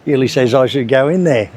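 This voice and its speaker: A man's voice: mid-range voice, moderate pace, slightly rough. A man with an Australian accent, chatting casually as a food vlogger about a local cafe. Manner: relaxed, chatty, laid-back. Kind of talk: casual vlog narration. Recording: noisy cafe background.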